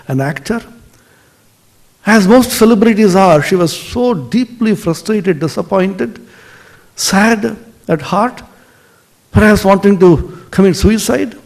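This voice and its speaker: A man with a high, creaky voice gives a spiritual lecture, telling stories expressively and softening his tone for emphasis.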